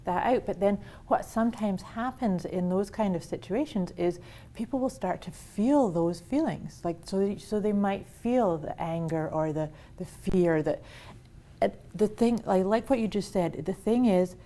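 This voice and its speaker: A woman's voice: mid-range voice, a little slow, warm tone. A woman hosting a casual conversation about wellness, talking with enthusiasm and frequent restarts. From Canada. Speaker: host.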